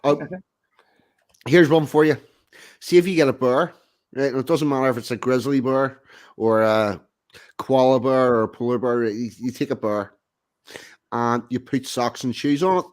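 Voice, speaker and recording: A man's voice: mid-range voice, steady tone, a little mellow. Male co-host, casual banter, punchy one-liners. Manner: quick one-liners and short replies. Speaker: podcast co-host. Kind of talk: casual banter, reading chat comments.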